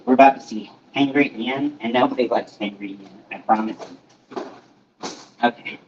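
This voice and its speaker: A man's voice: medium pitch, normal speed, highs cut off, a little hiss or hum. A man hosting a casual livestream from his kitchen, rambling with lots of fillers and restarts. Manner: rambling, filler-heavy, self-interrupting. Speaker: livestream host. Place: small home kitchen.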